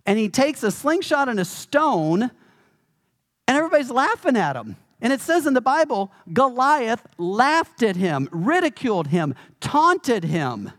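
A man preaching a sermon as pastor, emphatic and animated, with touches of humor. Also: extremely high pitch, a little slow.

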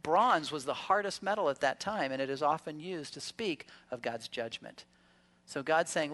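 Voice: mid-range voice, moderate pace, fairly bright tone. Pastor at a church service, chatty preaching style with rhetorical questions and light jokes. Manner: conversational preaching with rhetorical questions and humorous asides. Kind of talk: sermon.

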